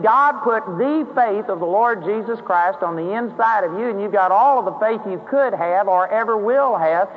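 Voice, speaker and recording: High-voiced man preaching in a hall. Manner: conversational preaching that rises into emphatic acted prayers. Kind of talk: sermon. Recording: dull, hollow-sounding sermon recording with faint hiss.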